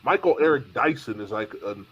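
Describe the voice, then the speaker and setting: A man's voice: medium pitch, animated, a little fast, fairly bright tone, slightly rough. A man co-hosting a podcast, making his points emphatically in a casual discussion. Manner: argumentative, emphatic. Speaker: podcast co-host. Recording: lo-fi dull sound.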